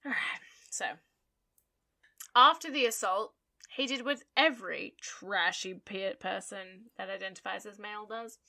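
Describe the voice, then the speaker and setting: A woman's voice: medium pitch, gravelly, sharp tone. A woman from Australia with an Australian accent, co-hosting a casual podcast and telling stories in a blunt, sweary, sarcastic way. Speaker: podcast co-host. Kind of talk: casual chat, storytelling.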